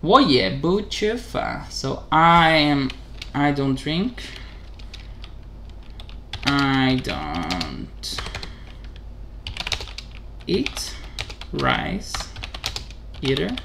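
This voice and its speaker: A man chats through a casual vlog in slow, halting English, often stopping to correct himself and chuckling along the way. His voice has a gravelly edge, with a faint hum of room noise behind it. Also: fairly high pitch, sing-song. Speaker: channel host. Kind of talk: casual vlog while practicing a language.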